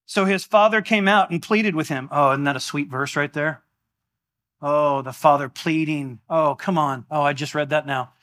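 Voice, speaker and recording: Male preacher, sermon, exclamatory, bright voice, fairly high pitch. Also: moderate pace. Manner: animated, exclamatory, conversational. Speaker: pastor. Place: church.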